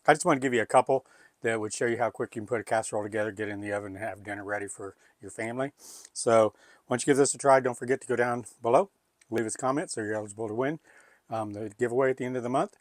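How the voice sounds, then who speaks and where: A man's voice: medium pitch, dry recording, studio quality. A man hosting a home cooking video, talking in a folksy, chatty, rambling way. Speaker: cooking channel host. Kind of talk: casual cooking video chat. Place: home kitchen.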